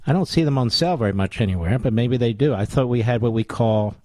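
A man's voice: fast talker, no echo. Sarcastic male talk radio host. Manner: combative, sarcastic, mocking rhetorical questions; voice climbs high and loud in indignation.

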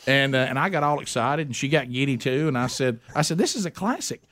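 A middle-aged man hosting a radio talk show, telling a rambling story full of restarts and animated asides. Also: mid-range voice, fast talker, slight background noise. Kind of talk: casual storytelling chat.

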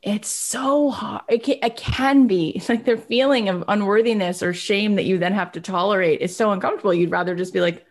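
A woman's voice: mid-range voice, brisk, few pauses. A woman hosting a podcast who tells personal stories openly and emotionally, with many fillers like "like" and "you know". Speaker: podcast host. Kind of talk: podcast conversation.

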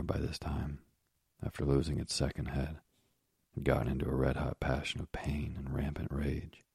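A man reading a storybook aloud as narrator with a measured, even delivery. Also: extremely low pitch, gravelly, husky, no room sound, clean studio sound.

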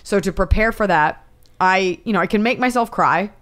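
A woman's voice: medium pitch, normal speed. Chatty woman telling stories animatedly. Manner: animated storytelling, acts out quotes. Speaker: comedian guest. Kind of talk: casual podcast chat.

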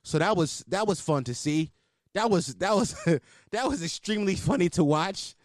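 A man's voice: high voice, moderate pace, dry recording, studio quality. A young man hosting a podcast, riffing in loose, profane, laughing comic commentary. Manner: animated, profane, laughing riffs. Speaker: podcast host. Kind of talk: casual comedic commentary.

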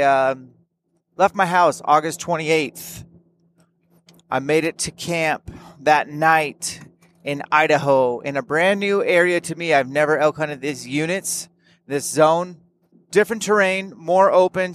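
A man's voice: a little high, a bit bright, slight background noise. A young man, a hunting vlogger, tells about his trip in frank, plain-spoken, laid-back casual storytelling.

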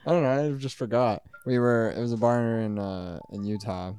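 Smooth-voiced young guy telling a story. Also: mid-range voice, steady tone, normal speed, warm tone, dry recording. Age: 20s. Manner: rambling, laid-back, lots of "like". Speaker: podcast guest. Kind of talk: casual storytelling.

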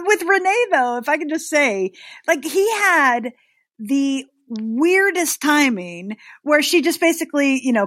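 A high-voiced woman, close and dry. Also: no room sound. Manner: emphatic and opinionated, with many fillers. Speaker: podcast guest. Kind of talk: casual chat.

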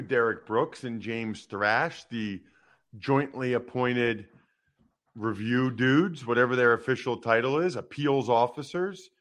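Bright-voiced opinionated sports host man. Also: fairly high pitch. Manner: emphatic, animated, teasing. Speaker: sports talk show host.

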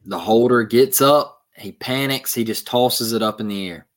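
A man's voice: medium pitch, normal speed. A man co-hosting a sports recap podcast, walking through a play step by step in casual talk. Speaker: podcast co-host.

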